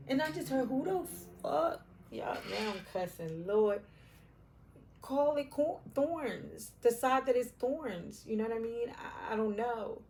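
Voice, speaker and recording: Middle-aged lady doing a slow tarot reading on camera, lots of ums and restarts, swears casually, gets soft and teary. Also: fairly high pitch, expressive. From Puerto Rican, raised in Brooklyn and Philadelphia. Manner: rambling and searching, many fillers and restarts, casual cussing. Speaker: tarot reader.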